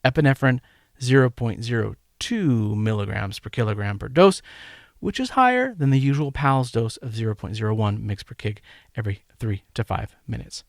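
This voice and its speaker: A man hosting a medical teaching podcast, delivering a scripted lecture in a measured, emphatic way and counting out rhythms aloud. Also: mid-range voice, expressive, vocal fry, no room sound, clean studio sound. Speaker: podcast host and medical educator.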